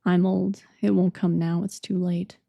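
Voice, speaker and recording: A woman's voice: fairly low pitch, little pitch movement, measured pace, vocal fry, dark tone, dry recording. A woman voicing a lonely, frail old man who pleads in a broken way. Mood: pleading.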